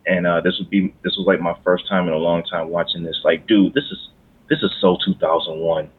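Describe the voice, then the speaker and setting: A man's voice: low voice, steady tone, fairly quick, slightly rough. A man from Michigan co-hosting a movie podcast in casual chat, rambling with lots of fillers and restarts. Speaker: podcast co-host. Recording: phone-like narrow sound.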